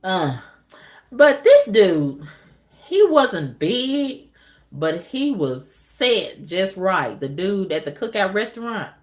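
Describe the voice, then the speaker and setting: A middle-aged woman vlogging in a candid, casual monologue to her viewers, drawling with loud whoops and exclamations. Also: medium pitch, sing-song, takes it slowly.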